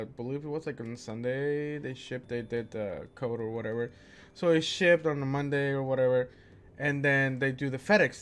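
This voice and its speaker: Young man, casual storytime rant, exasperated, says dude a lot, acts out phone calls. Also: mid-range voice. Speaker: gaming PC vlogger.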